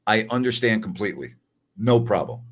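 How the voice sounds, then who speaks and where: A man's voice: on the low side, expressive, a little fast. An older man hosting a sports talk show, chatting casually and telling stories while repeating phrases for emphasis. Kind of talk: casual live-stream chat.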